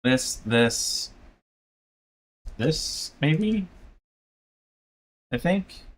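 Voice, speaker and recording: A man's voice: fairly high pitch, very animated, extremely slow. A man from South Florida streaming as a VTuber, chatting casually and rambling while he draws, chuckling often and poking fun at himself. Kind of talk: casual chat while drawing.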